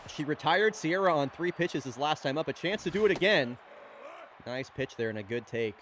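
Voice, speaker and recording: A man's voice: on the high side, expressive, normal speed, a bit bright, a little hiss or hum. A man hosting and calling play-by-play for a fake baseball game, chatty and rattling off the action in a casual way. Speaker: play-by-play commentator and host.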